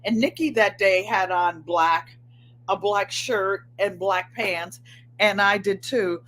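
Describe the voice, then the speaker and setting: A woman's voice: medium pitch, fairly even intonation, takes it slowly, a bit bright, slight background noise. An older woman hosting a live stream, chatting casually and greeting viewers by name. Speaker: channel host.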